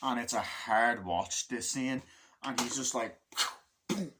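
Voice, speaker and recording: A man giving a casual spoken film review, rambling and swearing, often breaking into loud shouted quotes from the film. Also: medium pitch, a little slow.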